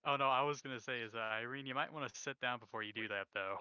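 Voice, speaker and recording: Man, tabletop player, crisp clear voice, dry close sound. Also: medium pitch, fast talker, sharp tone, no room sound. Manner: casual, joking. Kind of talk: tabletop game chat. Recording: dull lo-fi mic.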